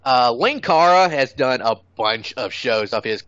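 A man in casual conversation, bluntly opinionated and quick to swear. His voice is bright and forceful, close and dry. The recording has a somewhat dull, lo-fi sound. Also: mid-range voice, animated, no echo. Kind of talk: casual chat.

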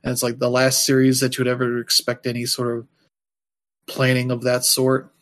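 A man's voice: mid-range voice, monotone, moderate pace, fairly bright tone. A man chatting casually as a podcast co-host, rambling loosely with lots of fillers and dropping wry, offhand asides. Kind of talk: casual chat.

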